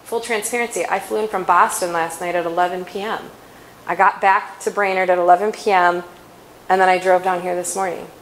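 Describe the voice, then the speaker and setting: A woman giving a faith-based inspirational talk at a conference, chatty and quick to laugh, often correcting herself mid-sentence. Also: fairly low pitch, steady tone, a little hiss or hum, low-quality recording. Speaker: conference speaker.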